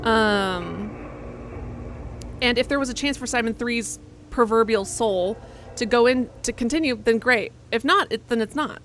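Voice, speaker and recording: This young streamer's voice is slightly high and a bit bright, with a faint hiss or hum underneath. She talks casually while playing a horror game, rambling, mocking herself, and making quick side remarks.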